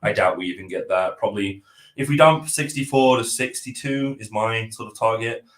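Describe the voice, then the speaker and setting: A man talking through the market in a relaxed, hedging way. His voice is fairly low and carries a roomy echo. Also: normal speed. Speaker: trading analyst co-host. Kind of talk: casual market commentary.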